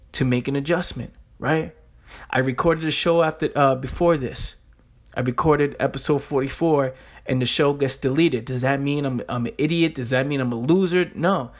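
Blunt, profane man hosting a motivational podcast. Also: medium pitch. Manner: blunt, profane, keeps asking "right?"; repeats himself for emphasis. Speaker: podcast host.

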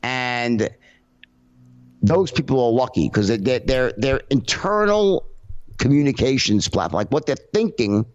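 A man's voice: mid-range voice, animated, unhurried, highs cut off. A man as a podcast guest, talking casually and acting out tones of voice in his examples, with many restarts. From United States. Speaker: podcast guest, sales trainer. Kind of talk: casual conversational interview.

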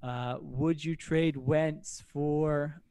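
A man hosting a casual sports podcast, talking in an animated way with quick, self-deprecating asides. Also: on the high side, clear, resonant tone, dry recording. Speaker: podcast host.

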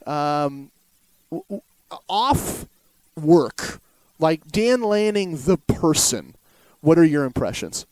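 A man with a fairly high voice hosts a casual sports podcast. He talks conversationally and hesitates now and then. The sound is dry, with no room echo. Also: very animated, slow pace, long pauses, darkish tone. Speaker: podcast host.

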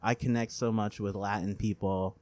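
A man's voice: fairly low pitch, level tone, normal speed, a little mellow, no echo. A man co-hosting a podcast, chatting casually, joking and laughing often with slangy talk. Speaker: podcast co-host. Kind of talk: casual chat.

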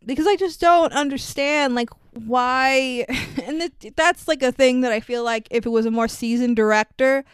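A woman hosting a casual movie review podcast, animated and laughing often, swearing freely. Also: sits high, normal speed, smooth, no echo. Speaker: podcast host.

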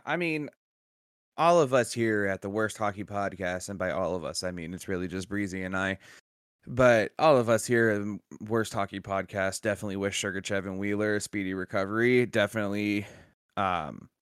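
A man's voice: lowish voice, moderate pace, a bit bright, clear, resonant tone, no room sound, studio quality. A man co-hosting a casual sports podcast, joking and blunt, swearing casually. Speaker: podcast co-host.

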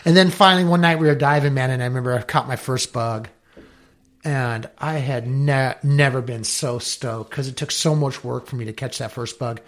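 A middle-aged man from Southern California, a podcast guest telling animated, profane stories and acting out what others said. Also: mid-range voice, moderate pace. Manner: animated, swears freely, acts out quotes. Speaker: podcast guest, dive company owner. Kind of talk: casual storytelling interview.

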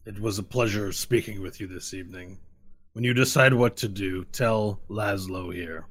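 A man voicing a measured, quiet male nobleman in a tabletop game. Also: on the low side. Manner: soft-spoken, measured.

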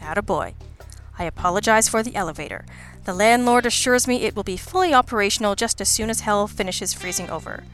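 A woman narrator plays an unflappable male detective with a dry, patient wit. His lines come even and wry at a middle pitch, over faint background music. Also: brisk, natural voice.

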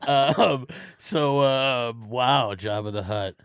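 A man's voice: mid-range voice, slow pace, smooth, no echo, studio quality. A man hosting a podcast, chatting casually with guests, joking and swearing freely. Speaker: podcast host. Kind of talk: casual chat.

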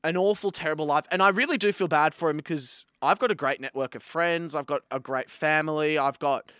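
A man's voice: on the high side, fairly even intonation, fairly quick, pushed and bright, clean tone, dry recording, clean studio sound. A young man, co-hosting a podcast and ranting angrily with lots of swearing. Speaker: podcast co-host.

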